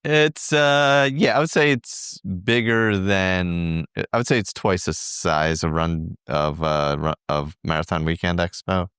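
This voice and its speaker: A man's voice: sits low, fairly even intonation, unhurried, hardly any pauses, fairly bright tone, clean tone, no room sound, clean studio sound. A middle-aged man, a podcast co-host, recounting a trip in casual, rambling chat full of fillers. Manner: rambling, filler-heavy storytelling.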